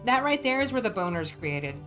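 A woman streamer chatting while she plays a farming game. She talks in a crude, joking way and swears often. Her voice sits on the higher side and leaps around in pitch. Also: very animated, brisk, a bit bright, faint music behind. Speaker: vtuber streamer. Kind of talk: casual gaming stream chat.

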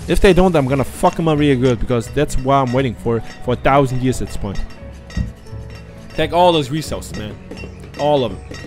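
Playing a game with faint music behind him, a native German speaker rambles through casual let's-play commentary, swearing and mocking himself. His medium-pitched voice is animated and slightly mellow, at a moderate pace with long pauses.

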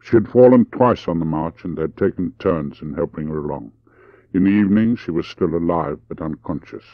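A man narrating an audiobook with an expressive, varied delivery, in a dull lo-fi recording. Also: low voice, brisk, no room sound.

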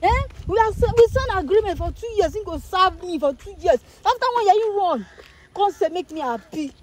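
A woman's voice: very high voice, animated, fairly quick, slight background noise. A woman with a Nigerian accent playing a domineering sugar mummy who scolds angrily in an improvised skit. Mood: angry. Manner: angry, scolding in Pidgin, shouting.

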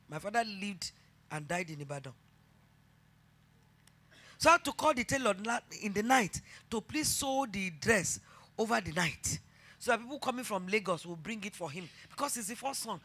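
A woman's voice: medium pitch, expressive, moderate pace, a bit bright. A middle-aged Nigerian woman pastor preaching a sermon, telling a personal story and rising to fervent emphasis.

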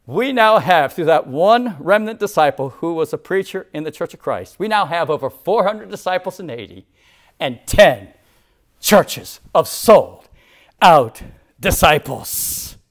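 Man in his sixties, preacher, lively sweeping pitch, loud then hushed. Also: unhurried. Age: 60s. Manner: dramatic swings from loud to whispered. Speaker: church leader. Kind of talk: sermon.

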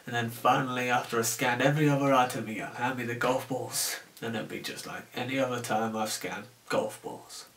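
A man's voice: medium pitch, fairly even intonation, normal speed, few pauses, a bit bright, far from the mic, a little hiss or hum. A young man from the UK delivering a casual, sarcastic comedic rant to camera about his work as a shop cashier. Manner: sarcastic, exasperated, acts out customer exchanges. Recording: roomy echo, voice off-mic.

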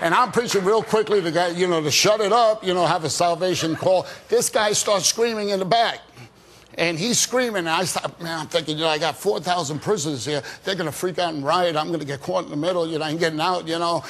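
Fervent evangelist man, higher voice. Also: fast. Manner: excited storytelling, fervent preaching. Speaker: evangelist guest. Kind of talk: testimony and prayer on Christian TV.

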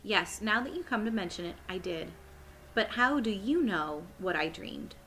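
A woman reading aloud, voicing a composed, regal older queen who asks measured, polite questions. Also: medium pitch, expressive, pushed and bright, slight background noise. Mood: regal, amused.

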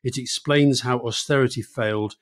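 Male podcast co-host from Scotland, mid-pitched, brisk chat, dry studio sound. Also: steady tone, no echo. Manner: brisk, conversational, reads listener questions. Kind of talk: casual political chat.

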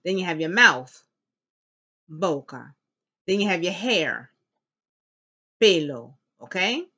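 Woman, elementary Spanish teacher, encouraging, slow emphatic drills, slightly low voice, muffled recording. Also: very animated, bright, forceful tone. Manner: slow, emphatic modeling of Spanish words for students to repeat; upbeat and encouraging. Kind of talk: classroom language lesson. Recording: dull lo-fi classroom recording.

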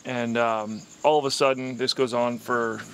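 A man's voice: mid-range voice, fairly even intonation, unhurried, a bit bright, a little hiss or hum. A young man, a vlogger, telling an emotional personal story in a rambling way with many fillers.

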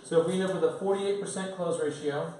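A middle-aged man coaching business owners at a training seminar, blunt and energetic, pressing his points hard. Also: high-pitched, fast. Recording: echoey room from far off, faint noise.

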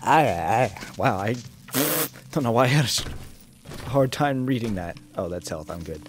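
A man casually commenting on his gameplay, joking and swearing and reacting loudly to scares. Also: on the low side, expressive, normal speed, noisy background. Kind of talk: casual let's-play commentary.

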